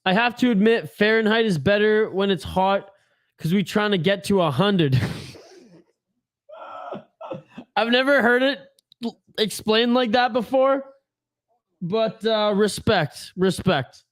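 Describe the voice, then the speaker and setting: Man, high-pitched, live stream host, casual play-by-play, profane banter. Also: expressive, slow, pauses often. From Canada. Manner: profane, joking, reads chat aloud. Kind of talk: casual play-by-play watch-along commentary.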